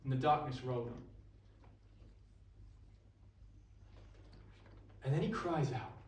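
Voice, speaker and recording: A man's voice: mid-range voice, fast, natural voice. A man playing a middle-aged Roman centurion, telling his story in a wry, conversational monologue to a live audience. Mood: awed. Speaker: costumed actor at an exhibition. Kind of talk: first-person dramatic monologue to a live audience. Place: indoor exhibition hall. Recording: echoey hall, mic at a distance.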